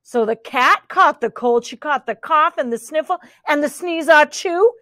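A woman reading a children's picture book aloud in an animated, playful way, commenting on the pictures. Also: sits high, moderate pace, no room sound, clean studio sound.

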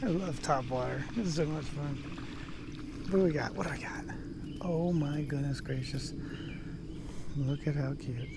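A man vlogging while fishing a creek, talking softly and fondly to each fish he lands. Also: a little high, moderate pace, gravelly, long pauses, background noise. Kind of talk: casual outdoor fishing vlog. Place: outdoors at a shallow creek.

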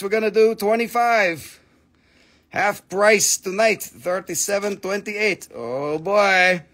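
A man's voice: high-pitched, takes it slowly, fairly bright tone. A man hosting a live stream where he sells minerals, with playful, jokey, auctioneer-like patter.

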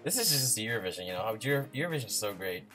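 A man hosting a reaction video, chatting casually and gushing with excitement as he watches. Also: on the low side, racing. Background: music playing from the video.

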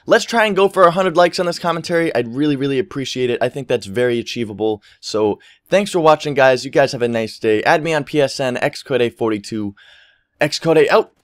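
A man's voice: mid-range voice, fairly quick, dry recording, clean studio sound. A young man telling a rambling story over gameplay, swearing freely and acting out what people said. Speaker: gaming commentary YouTuber.

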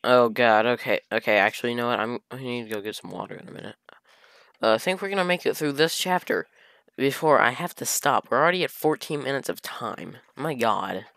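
A man's voice: medium pitch, lively intonation, a little fast, gravelly, a bit bright, no room sound. A man reading a fan fiction aloud for comedy, breaking in with exasperated, sarcastic commentary and swearing.

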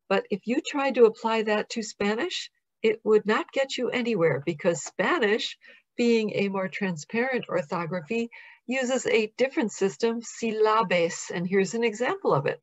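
American woman giving a measured lecture. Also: mid-range voice, muffled recording. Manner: measured, explanatory, reads out word examples slowly. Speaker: professor presenting. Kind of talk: recorded academic lecture.

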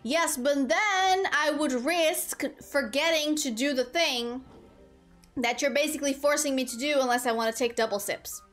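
A woman with a high-sitting voice streams a game at normal speed, with soft music playing in the background. She's animated as she chats casually with viewers and reads the game's lines aloud.

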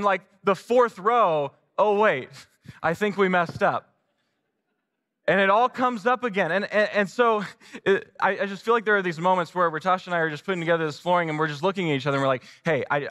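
A man's voice: high-pitched, bright, forceful tone. A man preaching a sermon, telling a personal story casually, poking fun at himself, with lots of restarts and acted-out quotes. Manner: casual, self-deprecating, many restarts and quoted asides. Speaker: pastor. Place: large church sanctuary. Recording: long hall reverb from a church sanctuary.

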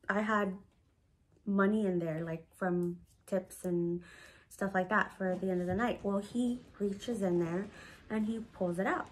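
Woman doing a storytime vid, swears a lot, says like constantly, mid-pitched everyday voice. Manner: animated, profane, heavy use of "like". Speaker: storytime vlogger. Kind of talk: casual storytime.

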